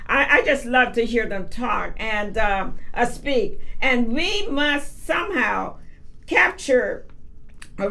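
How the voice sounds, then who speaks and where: A woman's voice: a little high, a bit bright. A woman from the US South, a guest on a talk radio show, speaking in an earnest, thoughtful way about mentoring mothers.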